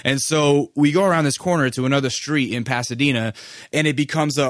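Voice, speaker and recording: A man's voice: mid-range voice, brisk, no echo, clean studio sound. A man hosting a podcast, telling a story in a loose, profane way with lots of fillers. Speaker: podcast host. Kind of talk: casual storytelling monologue.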